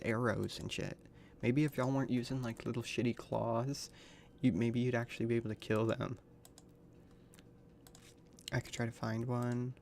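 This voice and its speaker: Gravelly-voiced man swearing through a game. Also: medium pitch, darkish tone, a little hiss or hum. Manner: crude slang-heavy reactions, swears often; reads game dialogue aloud in a plain voice. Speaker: streamer. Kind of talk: casual gaming livestream commentary.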